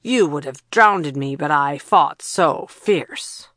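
A woman voicing a scrappy, boastful small boy who speaks rough, ungrammatical slang. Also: sits low, slow pace, fairly bright tone, no echo. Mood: blunt.

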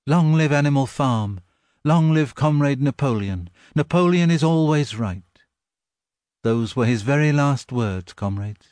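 A man voicing a sly, persuasive male pig who speaks smoothly and sanctimoniously. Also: mid-range voice, animated, a little slow, darkish tone, dry recording, clean studio sound, close to an everyday voice. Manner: smooth, persuasive, mock-tearful.

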